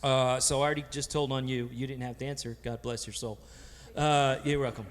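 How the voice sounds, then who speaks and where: A man's voice: medium pitch, steady tone, brisk. A man moderating a church panel, telling stories casually and joking, with many restarts. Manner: rambling, full of restarts and jokes. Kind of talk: casual storytelling on stage. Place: church sanctuary. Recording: long church hall reverb.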